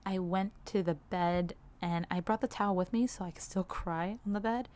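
A young woman with a lowish voice talks to camera in a personal vlog. She speaks candidly and rambles a little, dropping soft laughs and lots of "like"s between her thoughts. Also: normal speed. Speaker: vlogger.

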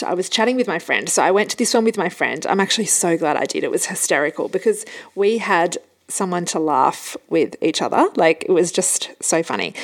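Chatty woman podcast host. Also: fairly low pitch. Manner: chatty storyteller, laughs often. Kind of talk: casual solo podcast chat.

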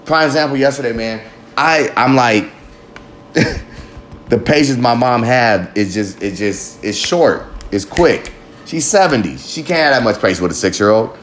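A man's voice: mid-range voice, animated, a little slow, a bit bright, a little hiss or hum. A man hosting a podcast, talking in a rambling, profane, emphatic monologue. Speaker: podcast host. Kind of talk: casual monologue.

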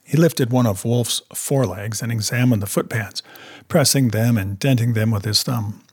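A man reading a classic story aloud, measured and steady. His voice is husky, sitting at an ordinary mid pitch. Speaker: narrator. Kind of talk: storybook narration.

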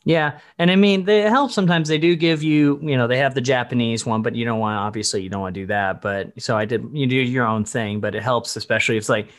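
A man's voice: mid-range voice, quick pace, few pauses. Rambling man, stop-start speech. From Dallas-Fort Worth area, USA. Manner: rambling, stop-start, self-correcting, laughs often. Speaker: voice actor guest. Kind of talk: casual podcast interview.

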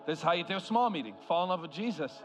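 A man preaching an impassioned sermon as a guest speaker, swinging from loud cries to hushed words. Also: sits high, expressive, racing, faint music behind. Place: large church hall.

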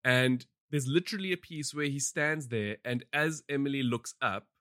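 A man's voice: medium pitch, moderate pace, pushed and bright, no echo. Chatty man reviewing films, dry sound. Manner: rambling, chatty, laughs often, many fillers. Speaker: podcast host reviewing films. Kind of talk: casual chat.

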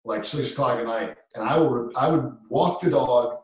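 Male storyteller, former school dean, lively and dramatic, heard in a roomy space from a distant mic. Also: mid-range voice, moderate pace. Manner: animated storyteller, swings from hushed to shouting. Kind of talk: casual storytelling in conversation. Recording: echoey room, distant mic.

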